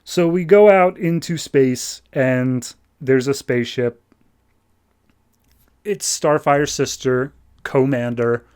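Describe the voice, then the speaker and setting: A man hosting a comic book podcast recaps an issue in a casual, rambling way. His voice sits at a middling pitch. He drops wry, sarcastic asides as he goes. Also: takes it slowly, darkish tone, smooth.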